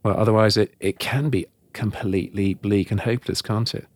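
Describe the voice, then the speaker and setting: A man hosting an interview, speaking gently, affirming his guest and asking leading questions. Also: fairly low pitch, steady tone, brisk. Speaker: host.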